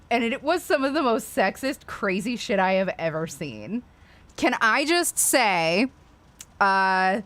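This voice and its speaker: A woman's voice: medium pitch, fairly bright tone. Profane woman ranting on a livestream. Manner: profane, ranting, apologetic asides. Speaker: livestream host. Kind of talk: casual livestream chat.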